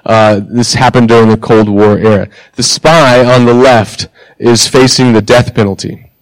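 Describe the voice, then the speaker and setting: A man preaching a sermon in a conversational way, asking the congregation questions and pausing for emphasis. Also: medium pitch, steady tone, dry recording, low-quality recording. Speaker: pastor.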